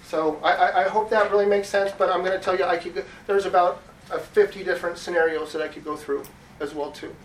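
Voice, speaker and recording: A man's voice: high voice, steady tone, quick pace. A man delivers public comment at a city meeting, circling back and repeating himself as he restarts sentences. His voice comes through the echo of a council chamber, picked up from some distance. A faint hum sits underneath. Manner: rambling, repeating words and restarting. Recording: echoey chamber heard from off-mic.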